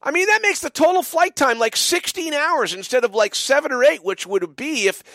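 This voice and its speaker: A man's voice: very high-pitched, lively intonation, moderate pace, sharp tone, dry recording, clean studio sound. A middle-aged man hosting a call-in radio show, chatting in a rambling, playful way with lots of fillers and restarts. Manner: playful, mock-drawling asides. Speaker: radio call-in host and biker church pastor. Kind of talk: late-night call-in radio talk.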